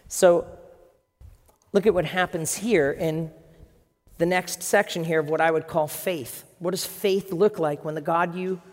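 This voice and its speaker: A pastor preaching a sermon in a dramatic, conversational storytelling way, dropping to a hush and rising again. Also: mid-range voice. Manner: dramatic, acts out voices in quotes, swings from hushed to loud. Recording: long reverb of a large hall.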